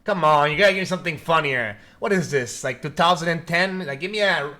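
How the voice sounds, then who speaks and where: A man's voice: on the high side, brisk, bright, forceful tone. A man streaming as he chats casually and teases a talking AI in a pushy, joking way. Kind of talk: casual chat.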